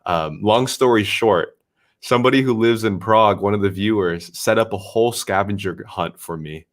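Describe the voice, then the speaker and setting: A man who live streams, excitedly retelling an adventure in a casual, swearing chat. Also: lowish voice, normal speed.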